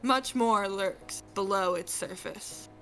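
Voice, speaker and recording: A woman's voice: mid-range voice, slow, pushed and bright, faint music behind. A woman voicing a brainy middle-aged male paranormal scientist in a fan fiction reading, with a theatrical, mysterious delivery.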